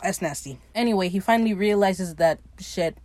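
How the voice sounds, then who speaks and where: Medium-pitched and slightly mellow, this woman talks at a normal speed with no echo around her. She's a podcast host doing a casual TV recap full of sarcasm and swearing, performing quoted lines as she goes.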